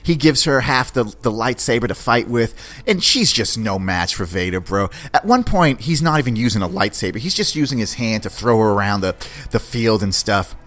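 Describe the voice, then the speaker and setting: A man hosting a podcast, giving an excited, slangy, rambling review of a series. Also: mid-range voice, normal speed. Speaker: podcast host. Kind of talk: casual film review.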